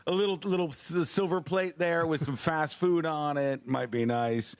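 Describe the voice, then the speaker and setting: Radio host, man, playful wry banter, animated pitch; dry booth. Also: moderate pace, clean tone, no room sound. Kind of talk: casual radio talk show banter.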